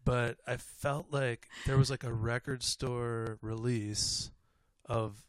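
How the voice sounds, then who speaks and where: A man's voice: medium pitch, fairly even intonation, slow, dry recording. A man co-hosting a music radio show, easygoing and jokey, laughing often in casual banter.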